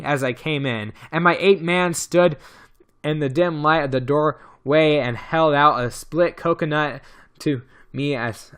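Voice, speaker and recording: A man narrating a novel in an amateur audiobook reading. His voice sits somewhat high and sounds bright and tense. He often trips over a word and starts it again. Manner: stumbles and restarts words. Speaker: audiobook reader.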